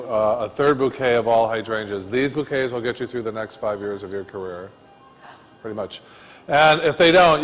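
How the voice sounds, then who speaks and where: A man teaching a floral design class, telling stories with loud bursts and quiet asides. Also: medium pitch, big-room sound.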